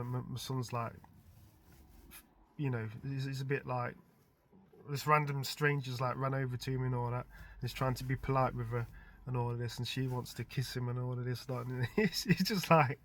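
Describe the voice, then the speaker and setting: A man's voice: medium pitch, fairly even intonation, normal speed. A middle-aged man casually telling a rambling story about a dream, chuckling often and filling his talk with "like" and "type thing". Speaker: vlogger recounting his dreams.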